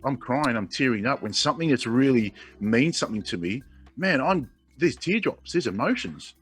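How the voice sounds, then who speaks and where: An Australian man in his forties, medium-pitched, expressive, a bit bright and husky, speaks at normal speed over soft background music. He is an interview guest recounting his own story candidly, earnest and emotional, frequently restarting sentences.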